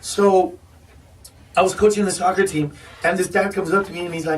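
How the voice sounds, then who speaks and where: A man, a comedian guesting on a radio morning show, ranting in an animated way with stammering restarts. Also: high voice, brisk, distant mic, a little hiss or hum. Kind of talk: casual radio chat. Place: radio studio.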